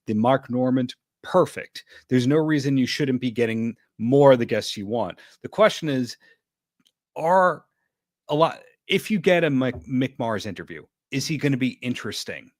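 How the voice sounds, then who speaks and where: A man's voice: medium pitch, expressive, moderate pace, a little mellow, dry recording, studio quality. A man talking in a casual podcast conversation, wry and giving frank advice. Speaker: podcast guest, interviewer. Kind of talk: casual chat.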